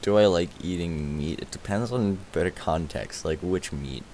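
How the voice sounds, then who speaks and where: A man streaming a game live, rambling excitedly, answering chat and thanking viewers as he plays. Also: low-pitched, moderate pace, a little hiss or hum. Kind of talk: live gaming stream chatter.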